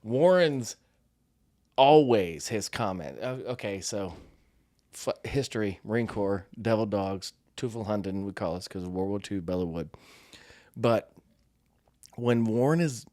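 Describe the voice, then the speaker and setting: A man's voice: lowish voice, animated, measured pace, a little mellow, dry recording, studio quality. A middle-aged man, a former Marine, co-hosting a podcast and telling stories casually, laughing often. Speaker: podcast co-host. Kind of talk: casual storytelling chat.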